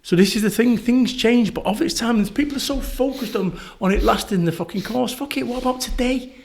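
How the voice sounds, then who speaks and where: A middle-aged man with a Northern English accent, a podcast guest telling stories in a blunt, swearing, animated way. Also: extremely high pitch, a little fast, creaky. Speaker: podcast guest, motivational speaker. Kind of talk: casual conversational interview.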